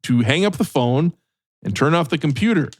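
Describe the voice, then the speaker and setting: A man's voice: on the high side, expressive, normal speed. A man co-hosting a podcast, telling a rambling story in casual chat with frequent restarts. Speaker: podcast co-host.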